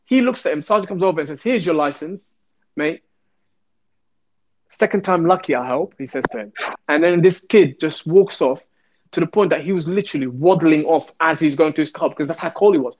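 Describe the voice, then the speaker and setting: A man's voice: on the high side, fast. A man, a former police officer, telling a story in an interview and acting out the voices he quotes. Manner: animated, acts out the quoted voices.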